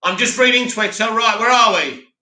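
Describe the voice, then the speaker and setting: A man's voice: sits high, moderate pace, sharp tone, roomy sound, rough recording. A man with a sore throat hosting a casual livestream, reading chat comments aloud and giving blunt opinions.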